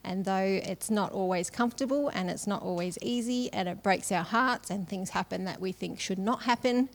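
A middle-aged woman delivers a sermon. She keeps it conversational and personal, and breaks into light laughs between phrases. Her voice sits at an ordinary pitch for a woman. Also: normal speed. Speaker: conference speaker.

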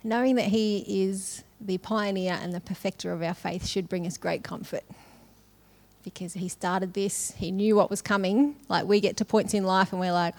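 A woman's voice: medium pitch, steady tone, moderate pace, darkish tone. A middle-aged woman giving a sermon in a casual, conversational way, often laughing between phrases. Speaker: conference speaker.

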